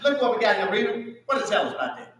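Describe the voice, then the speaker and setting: A Southern man leads a church Bible lesson, calling questions out to the class and answering them. His voice sits high and bright. He is heard from a distance in a very echoey church room. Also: very animated, racing. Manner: call-and-response questioning. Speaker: Sunday school teacher. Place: church hall.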